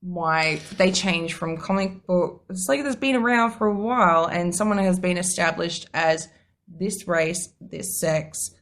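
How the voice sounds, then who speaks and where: A woman's voice: fairly low pitch, measured pace, fairly bright tone. A woman co-hosting a casual podcast who gushes, swears freely and often trails off mid-thought. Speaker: podcast co-host.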